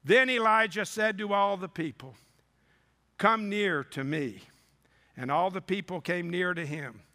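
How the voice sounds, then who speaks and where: A man's voice: high-pitched, measured pace, pushed and bright. A male preacher reading scripture in a sermon and breaking in with sarcastic asides. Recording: long hall reverb.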